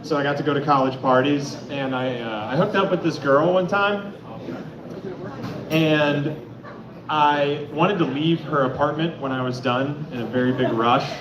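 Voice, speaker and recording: A man doing a stand-up comedy set in a club, telling stories loudly with sudden shouts. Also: on the high side, unhurried, dull audio, a crowd in the background. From Atlanta, Georgia. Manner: loud, animated storytelling with sudden shouts. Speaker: stand-up comic. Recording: echoey club from far off, noisy.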